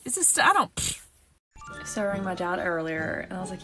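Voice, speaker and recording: A woman's voice: lowish voice, big pitch swings, a little fast, over music. A woman from Georgia, chatting casually to camera as a vlogger and asking her viewers playful questions, with the odd curse. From Georgia, USA.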